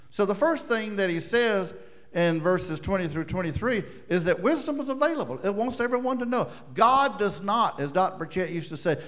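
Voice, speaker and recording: A middle-aged man preaching a sermon, swinging from loud declarations to hushed asides and slowing down for emphasis. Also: sits high. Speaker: pastor.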